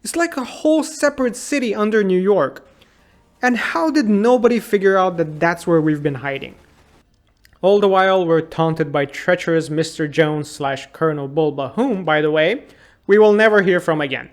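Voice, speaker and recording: With a strikingly high voice and an ordinary pace, a man in his thirties who reviews games on YouTube looks back with humor at a childhood favorite. His tone is sarcastic and fed up, and he often mocks the story with disbelief.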